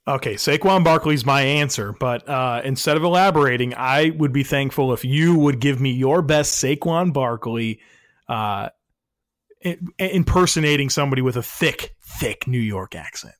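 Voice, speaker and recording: A man's voice: mid-range voice, moderate pace, no room sound, studio quality. A man co-hosting a podcast, talking sports in an upbeat, teasing way. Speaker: podcast co-host. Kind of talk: casual sports chat.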